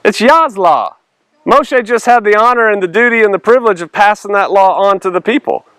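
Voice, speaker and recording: A man's voice: high voice, brisk, a bit bright, clear, resonant tone, dry recording. A male pastor teaching through a Bible passage in a conversational way, acting out the dialogue with sarcastic voices and laughter.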